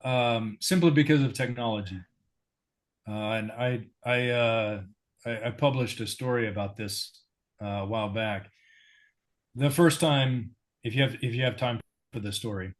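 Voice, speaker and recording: An American man of ordinary pitch talks through a story as an interview guest. He is relaxed and pokes fun at himself as he goes, and his voice sits right in the middle of the male range. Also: a little slow. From United States. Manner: easygoing, self-deprecating storyteller.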